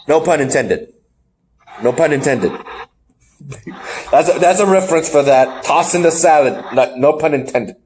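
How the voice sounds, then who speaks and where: A man's voice: a little high, normal speed, pauses often, a little hiss or hum. A man hosting a casual wrestling review podcast, laughing often and acting out what people said. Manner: animated, laughs often, acts out quotes. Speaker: podcast host.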